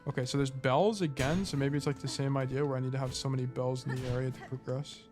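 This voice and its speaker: A man streaming himself playing a game, thinking out loud in casual, rambling talk full of "like" and "you know". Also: medium pitch, steady tone, quick pace, over music. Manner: rambling, thinking aloud, lots of "like".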